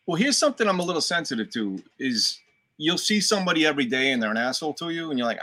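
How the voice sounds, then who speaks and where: A man with a softened Boston accent, an actor guest telling animated stories in a casual chat and swearing freely. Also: a little high, fast talker. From Dorchester, Boston.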